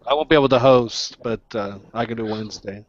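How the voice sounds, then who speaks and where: A man's voice: medium pitch, fairly quick, lo-fi sound. A man hosting a casual sports podcast, talking in a laid-back way with dismissive asides. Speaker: podcast host. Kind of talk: casual chat.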